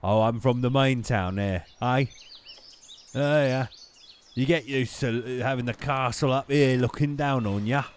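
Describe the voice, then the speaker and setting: Man doing a hammy Cockney commoner from town, casual, mid-pitched. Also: measured pace, a little hiss or hum, close to an everyday voice. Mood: chummy. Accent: Cockney, put on. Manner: hammy, self-mocking. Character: gruff male townsfolk commoner, chatty.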